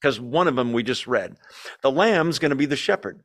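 A man's voice: medium pitch, lively intonation, fairly quick, fairly bright tone. A man preaching a conversational sermon to a group, with joking asides and questions put to the audience. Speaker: pastor. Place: church meeting streamed on a video call.

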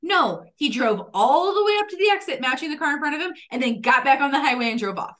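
A woman's voice: sits high, expressive, quick pace, fairly bright tone. A woman telling a funny story in casual chat, acting out quotes and laughing often.

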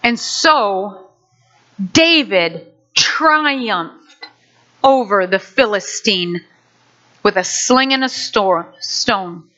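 A woman preaching a sermon, animated, acting out a story for her listeners, on a dull lo-fi recording. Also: medium pitch, extremely slow, long pauses.

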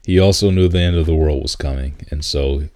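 A man in casual chat, laid-back and laughing often, repeating words when he gets excited. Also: a bass voice, fairly quick.

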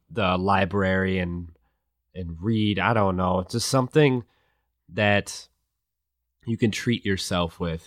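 Slow, very deep-voiced man. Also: no echo, clean studio sound. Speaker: podcast host. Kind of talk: casual chat.

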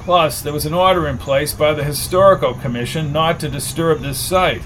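A stern, exasperated police chief, voiced by a man reading an audiobook. He scolds plainly and flatly. A faint hum is audible behind. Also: fairly high pitch, moderate pace, natural voice, low-quality recording. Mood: scolding.

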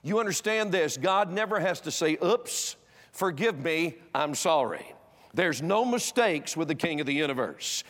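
Older male preacher, slightly high-pitched, emphatic pulpit delivery, recorded in a long-reverb auditorium. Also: lively intonation, measured pace. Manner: emphatic, swings from loud exhortation to hushed storytelling. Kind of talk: sermon. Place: church auditorium.

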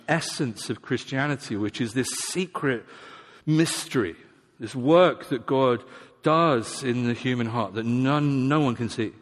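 A man preaching in a relaxed, chatty manner, poking fun at himself and slipping into the voices of imagined people. His mid-range voice carries a long reverb from a church hall. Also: mid-range voice. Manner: conversational, self-deprecating, acts out voices of imagined people. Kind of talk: sermon.

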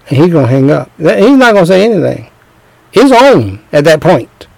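Gravelly man preaching relationship advice. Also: a little high, sing-song, normal speed, a little mellow, dry recording, low-quality recording. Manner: emphatic, repetitive, acts out scenes. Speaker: speaker giving relationship advice.

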